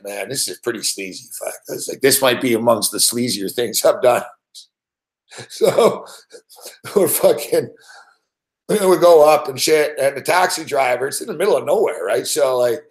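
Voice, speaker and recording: A man hosting a show, telling a long story in a rambling, profane way with frequent laughs and heavy swearing. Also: mid-range voice. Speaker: show host.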